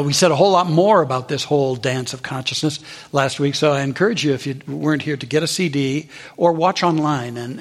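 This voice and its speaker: A man preaching a sermon, telling a story and acting out the people in it with lively voices. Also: in a large hall. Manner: storytelling with high animated voices for quoted characters. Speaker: minister.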